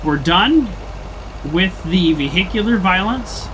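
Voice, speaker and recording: A man's voice: high voice, lively intonation, slow, a bit bright, slight background noise, low-quality recording. A young man streaming a video game, chatting casually and joking with mock indignation. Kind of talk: casual gameplay commentary.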